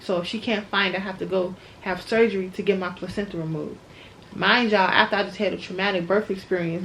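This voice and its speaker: A woman's voice: medium pitch, noisy background. A young woman telling her birth story in a casual, emotional way, calling her viewers y'all. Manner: chatty, addresses viewers as y'all, emotional retelling. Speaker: new mother vlogger.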